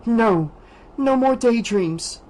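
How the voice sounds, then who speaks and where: A man's voice: extremely high pitch, expressive, takes it slowly, a little mellow, pitched above the performer's own voice, full character voice. A man voicing a frightened teenage girl heroine in an audiobook, pleading and crying out. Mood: determined. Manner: pleading, screaming, then grimly determined.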